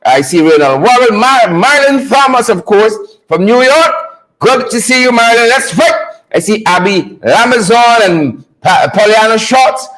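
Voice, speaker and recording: A man's voice: high voice, animated, measured pace, fairly bright tone, low-quality recording. A man hosting a live online talk show, fired up, repeating catchphrases and greeting viewers by name.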